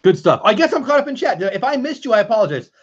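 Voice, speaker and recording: A man's voice: high voice, very animated, fast, highs cut off. A man hosting a casual live stream, chatting with viewers and answering chat as he goes.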